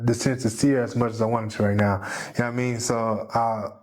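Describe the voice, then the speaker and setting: Guy on a podcast, casual and heartfelt, rambles a lot, mid-pitched voice. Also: little pitch movement, fast talker, darkish tone. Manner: rambling, heartfelt, fills with "you know what I mean". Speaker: podcast guest, jiu-jitsu competitor. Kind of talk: casual conversation.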